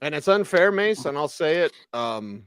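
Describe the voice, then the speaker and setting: A male sports radio co-host with a slightly high voice that swings widely in pitch. He jokes and stays lively, on a dry studio mic. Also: moderate pace, clean tone, no room sound. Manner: lively, joking. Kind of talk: sports talk radio chat.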